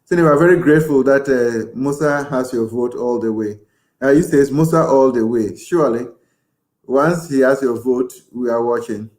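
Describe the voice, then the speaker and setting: A man's voice: mid-range voice, moderate pace, darkish tone. A man hosting a live show, chatty and effusive, reading out viewer comments and thanking them. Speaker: host.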